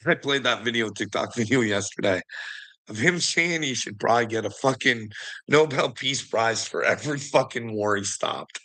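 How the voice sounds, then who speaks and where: A man's voice: mid-range voice, normal speed, pushed and bright. A man ranting casually, profane and mocking, laughing often between lines. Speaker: online commentator. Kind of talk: casual rant.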